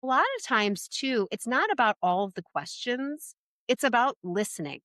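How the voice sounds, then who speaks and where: A woman talking as a podcast guest, giving parenting advice in an animated, chatty way full of "like" and "right?". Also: a little high, moderate pace, dry recording, studio quality. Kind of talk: casual interview conversation.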